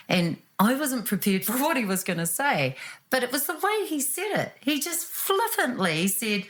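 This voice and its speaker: A woman, telling her own story in an animated, reflective way and acting out what was said. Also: a little high, moderate pace. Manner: animated, acts out quotes with laughs.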